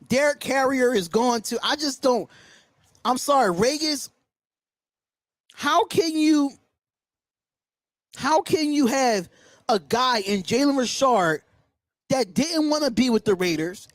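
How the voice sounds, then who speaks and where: A man's voice: very high voice, expressive, takes it slowly, pauses often, dry recording, clean studio sound. A man hosting a sports call-in show, ranting in an indignant, emphatic way and repeating himself. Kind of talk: sports talk livestream rant.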